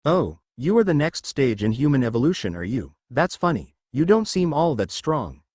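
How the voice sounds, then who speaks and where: A man's voice: mid-range voice, big pitch swings, normal speed, darkish tone, no echo, clean studio sound. A man voicing an imperious, probing villain queen in a story reading.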